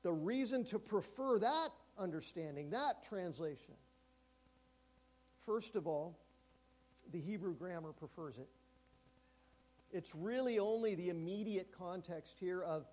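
A man with a notably high voice delivers a sermon in a church. He is emphatic and often slows down and drops to a near hush to stress key words. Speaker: pastor.

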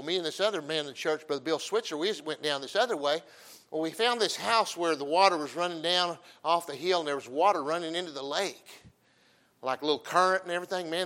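A middle-aged man preaching in a folksy, joking way. His voice is bright and forceful, sitting a little high for a man. He swings from loud, punchy emphasis to quiet, storytelling asides. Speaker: pastor.

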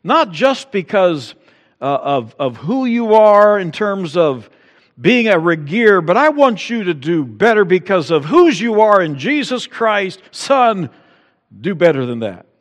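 A man's voice: sits high, sing-song, a little slow, big-room sound. A male pastor preaching a sermon, building to emphatic peaks and acting out quotes.

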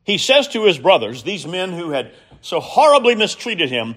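Lively-voiced male preacher. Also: high-pitched, breathy edge. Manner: earnest, measured storytelling with emphatic rises. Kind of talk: sermon.

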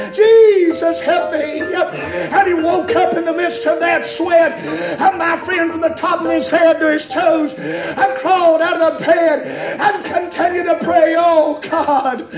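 A man preaching a sermon in a church, impassioned and building to shouts. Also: extremely high pitch. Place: church sanctuary. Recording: echoey church with loud music.

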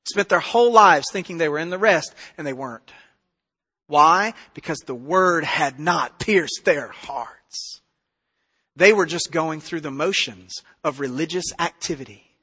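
High bright-voiced guy preaching, fired up then hushed, big echoey church hall. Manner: impassioned, swings between loud emphasis and quiet intensity. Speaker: pastor. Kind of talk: sermon. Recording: reverberant hall.

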